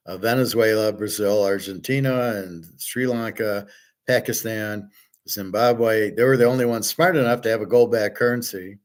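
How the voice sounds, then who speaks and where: Blunt, profane man ranting. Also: lowish voice. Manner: blunt, profane, scornful, rambling with restarts. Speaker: host. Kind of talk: unscripted rant on gold and economics.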